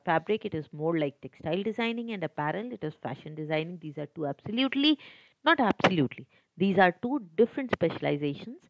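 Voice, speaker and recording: A woman's voice: medium pitch, dry recording, lo-fi sound. A woman teacher with an Indian accent explaining an exam paper step by step, slipping Hindi phrases into English. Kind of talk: exam lesson walkthrough.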